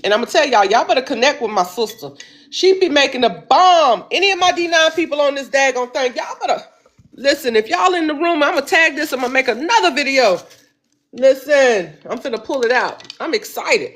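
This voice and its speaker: A woman's voice: high-pitched, animated, a little fast, a bit bright. A woman hosting a weekly affirmation livestream, chatting casually and exclaiming, calling her listeners baby.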